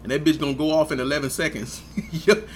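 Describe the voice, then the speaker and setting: A man's voice: fairly high pitch, steady tone, quick pace, a little hiss or hum. A young man co-hosting a casual chat, laughing often, swearing freely and giving blunt advice. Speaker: podcast co-host.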